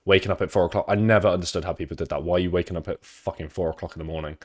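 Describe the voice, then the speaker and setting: A man's voice: sits low, fairly even intonation, racing, darkish tone. A young man with a British accent, chatting casually on stream, rambling through sweary anecdotes.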